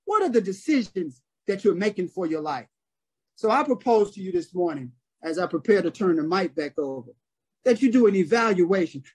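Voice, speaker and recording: A man's voice: high voice, a little mellow, slightly rough. A man preaching a sermon on a prayer call, telling a story and repeating phrases for emphasis.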